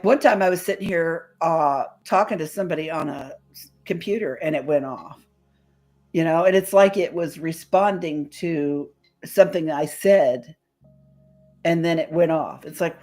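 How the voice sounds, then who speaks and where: A woman's voice: sits low, a little mellow. A woman chatting casually on a streamed show, telling stories with some mild swearing. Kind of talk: casual chat. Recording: faint music behind.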